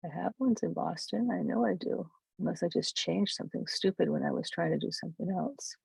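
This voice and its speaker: A camera club presenter giving a casual software walkthrough, thinking aloud and correcting themselves while demonstrating. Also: medium pitch, expressive, fairly quick, vocal fry, breathy edge, dry recording.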